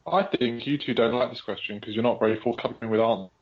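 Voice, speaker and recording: A man's voice: medium pitch, fast, breathy edge, highs cut off. A man co-hosting a podcast, dropping dry teasing quips in casual chat. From England. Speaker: podcast co-host.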